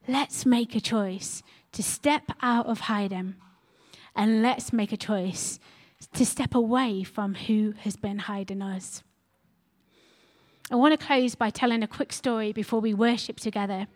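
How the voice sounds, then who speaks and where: Woman pastor giving a sermon, high voice, earnest and repeating lines. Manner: earnest, repetitive exhortation.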